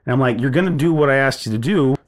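A man in a casual podcast chat, retelling a tense run-in at length. He rambles with plenty of restarts and filler, and his voice sits at an ordinary middle pitch. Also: fast. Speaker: podcast co-host.

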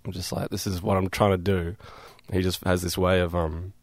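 An Australian musician from Perth talking loosely in a radio studio interview, with lots of fillers and easy laughter. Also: male voice, low-pitched, little pitch movement, normal speed, dry recording. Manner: laid-back, rambling, many fillers and laughs. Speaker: guest musician.

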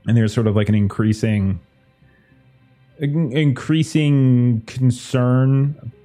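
A man's voice: medium pitch, slow, mellow, soft background music. A man running a tabletop game as game master, narrating casually with many fillers.

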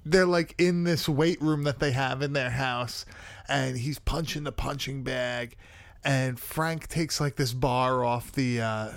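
A man's voice: medium pitch, steady tone, takes it slowly, dry recording. Chill guy rambling thru a movie recap, lots of swearing, dead dry sound. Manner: rambling, swears a lot, laughs often. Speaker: podcast host recapping a film. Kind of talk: casual chat.

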